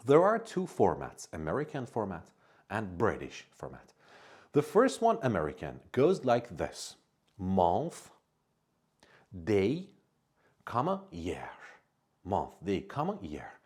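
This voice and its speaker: A man teaching English to beginners, patiently saying each word slowly and repeating it for learners to copy. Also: on the low side, huge pitch swings, a little mellow, breathy edge. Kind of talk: slow, step-by-step language lesson.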